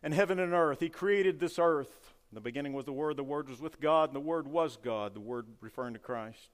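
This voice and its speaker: A man preaching a sermon with fervor, rising loud and dropping to a hush. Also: a little high, a little fast. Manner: fervent preaching, swings between loud and hushed. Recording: long hall reverb.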